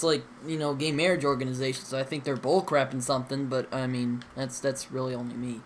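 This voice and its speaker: A man's voice: medium pitch, level tone, brisk, hardly any pauses, a little hiss or hum. Rambling young man chatting over a game. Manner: rambling, hesitant, many fillers and restarts. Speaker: gaming channel host. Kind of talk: casual gaming chat with friends.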